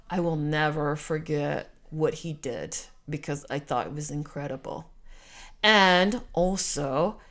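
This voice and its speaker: Heartfelt Canadian woman, slightly low voice. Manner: emotional, repetitive, heartfelt. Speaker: vlogger. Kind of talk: storytime monologue.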